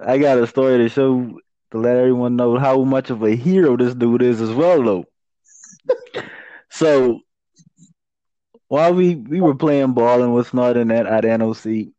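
A man's voice: medium pitch, mellow, no room sound. A young man in casual chat telling a story in a laid-back, rambling way, laughing often. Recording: dull lo-fi dry sound.

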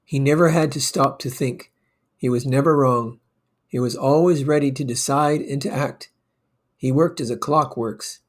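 A man reading a story aloud in a slow, measured way. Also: mid-range voice. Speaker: narrator.

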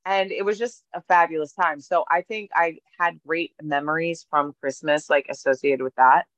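A woman's voice: deep voice, fairly even intonation, moderate pace, a bit bright, no room sound. Chatty woman podcaster, dry muffled sound. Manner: chatty storyteller, lots of fillers, playful. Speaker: podcast co-host. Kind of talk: casual chat.

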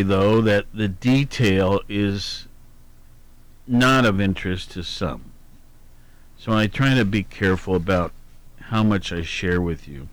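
Slow, unhurried man hosting a radio show. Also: lowish voice. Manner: meandering, hums filler syllables, corrects himself aloud. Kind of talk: casual on-air chat, reading daily almanac.

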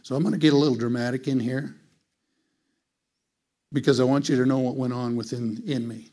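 Animated storytelling man preaching. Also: fairly quick. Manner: animated storyteller, leaps into high voices for quoted people; conversational, many "it's like" asides. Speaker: teacher speaking to a church group. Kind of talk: storytelling sermon.

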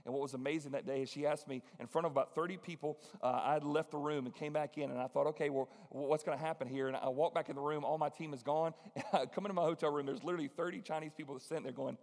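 A man preaching a sermon, telling a story with lively acted-out voices. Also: on the high side, fast, hardly any pauses, big-room sound. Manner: animated storytelling, acts out voices.

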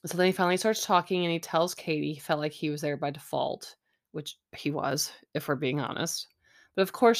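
A woman's voice: low-pitched, clear, resonant tone. A young woman recapping a reality dating show in a chatty, sarcastic way, often mimicking people. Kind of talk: casual recap chat.

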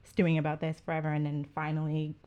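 A woman co-hosting a podcast in casual chat, thinking out loud in long, rambling sentences. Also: sits low, monotone, quick pace, highs cut off. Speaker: podcast co-host.

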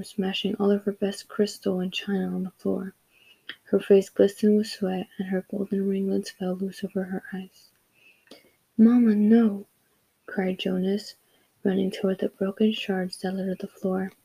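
A woman narrating a story in a steady, even reading voice. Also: mid-range voice, slightly rough, low-quality recording. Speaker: audiobook narrator. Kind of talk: scripted narration.

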